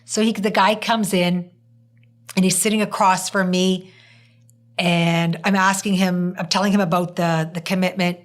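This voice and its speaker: A woman hosting a podcast, chatting casually and telling an animated story in which she acts out what people said. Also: fairly low pitch, moderate pace. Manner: animated storytelling, acting out quoted speech. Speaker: podcast host.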